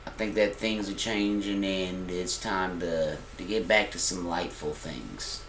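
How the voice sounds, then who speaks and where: A man's voice: low-pitched, measured pace, fairly bright tone, slight background noise. A man, co-hosting a casual podcast chat in an earnest, laid-back, slangy way. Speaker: podcast co-host. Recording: roomy echo.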